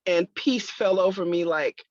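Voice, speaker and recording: A woman's voice: lowish voice, unhurried, no room sound. A woman sharing a personal testimony in conversation, telling it emphatically with religious exclamations. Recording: dull lo-fi, dry sound.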